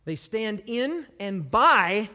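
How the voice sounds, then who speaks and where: A male preacher giving a sermon to a live congregation, animated and repetitive, dropping humorous asides. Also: sits high, extremely slow. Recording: long hall reverb.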